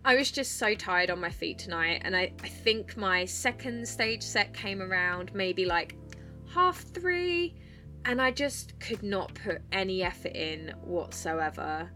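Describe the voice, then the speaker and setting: A young woman talks through her nights at work in a bubbly, chirpy monologue, unhurried and in no rush. Her voice is bright and forward, with faint music underneath. She swears freely and sounds loose and casual. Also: mid-range voice, lively intonation. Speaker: podcast host and club dancer.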